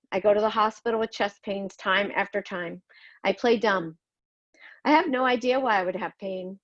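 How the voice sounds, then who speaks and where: In a dry recording with dull audio, a middle-aged podcast host tells her own life story in a mid-range voice. She's somber and confessional, speaking bluntly and sometimes cursing as she narrates her memoir.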